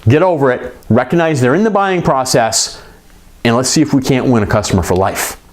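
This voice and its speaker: A middle-aged man coaching repair shop owners in an emphatic, conversational way with quick asides. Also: mid-range voice. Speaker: business coach for repair shops.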